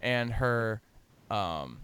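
A man's voice: lowish voice, very animated, drawn-out words, a bit bright, smooth. A man in casual chat, joking and rambling as he retells a movie plot with laughs.

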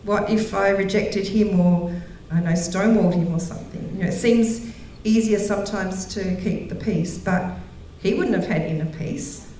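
A woman's voice: mid-range voice, normal speed, few pauses, dark tone, slight background noise. Middle-aged woman preaching in an echoey hall. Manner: storytelling, laughs often, acts out quoted voices. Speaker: women's conference speaker. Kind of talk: sermon. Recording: very echoey hall, voice heard from a distance.

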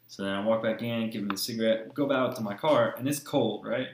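A man's voice: on the low side, steady tone, fast talker, few pauses, reverberant, slight background noise. A young man hosting a podcast, telling a long story in casual chat, swearing often and wandering between tangents. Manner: profane, rambling storytelling. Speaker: podcast host.

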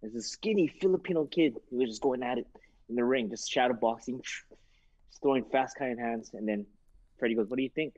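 Husky male boxing trainer, animated storyteller. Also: medium pitch, a little fast, no room sound. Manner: animated, acts out quoted voices, many fillers. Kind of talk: casual storytelling interview. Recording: dull muffled lo-fi sound.

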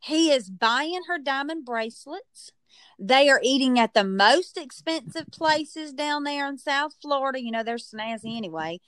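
A woman hosting a podcast, telling a story in a chatty, animated way and stretching words for emphasis. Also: sits high, normal speed, no room sound. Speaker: podcast host. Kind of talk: casual storytelling chat.

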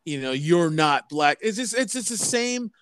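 A man rants in casual conversation, his voice smooth and resonant, recorded dry and close. His pitch sits a little high, and his delivery is blunt and profane. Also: animated, normal speed, a bit bright, dry recording. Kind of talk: casual podcast chat.

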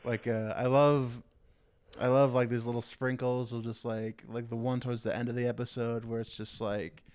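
A man's voice: medium pitch, flat delivery, moderate pace, darkish tone. A man co-hosting a casual podcast, rambling with lots of fillers and acting out scenes in playful quoted voices. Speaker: podcast co-host. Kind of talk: casual chat.

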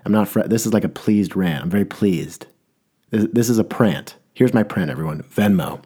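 Husky low-voiced young man ranting. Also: moderate pace, mellow. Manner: rambling, self-interrupting, mock-earnest. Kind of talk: comedic rant monologue.

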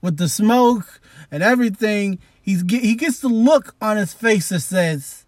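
A man in his twenties co-hosting a casual wrestling podcast, excitable and full of "like", getting loud and thrilled as he talks. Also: high voice, unhurried, no echo, studio quality. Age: 20s. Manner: excitable, lots of "like", jumps into shouting when thrilled. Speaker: podcast co-host.

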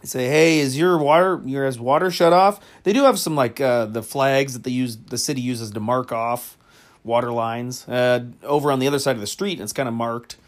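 A man's voice: mid-range voice, normal speed. A man hosting a comedy podcast, telling a crude story casually, with lots of fillers and frequent laughter. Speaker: podcast host.

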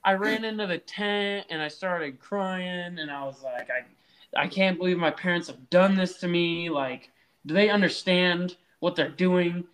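A man with a high voice chats on a podcast as a guest. He tells his stories in an animated way. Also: measured pace. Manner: animated storytelling. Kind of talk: casual chat.

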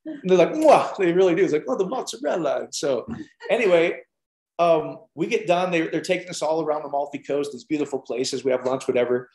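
A man gives an informal sermon in a roomy, echoing space, his voice sitting a little high for a man. He tells stories with lively swings and plenty of casual fillers. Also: a little fast. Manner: animated storytelling with many fillers. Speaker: preacher. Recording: roomy echo.

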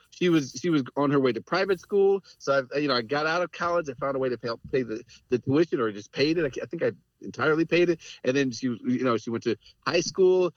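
A man's voice: medium pitch, no room sound. A middle-aged man telling candid personal stories as a podcast guest, earnest and reflective, laughing between points. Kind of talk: candid conversational storytelling. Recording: dry, dull lo-fi audio.

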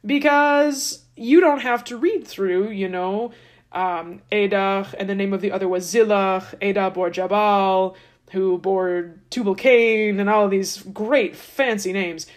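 A woman's voice: medium pitch, unhurried. A woman podcast host retelling old stories in a casual, sarcastic, playful way. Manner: sarcastic, chatty, playful asides. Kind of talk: casual irreverent storytelling.

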